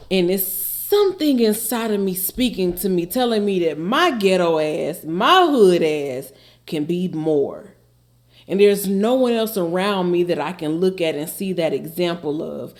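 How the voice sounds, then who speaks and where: Lady reacting to an album, lowish voice, preachy and reflective, swears a lot, slangy. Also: darkish tone. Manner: reflective, emphatic, slangy, heavy cursing. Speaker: music reaction host. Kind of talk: casual album reaction commentary.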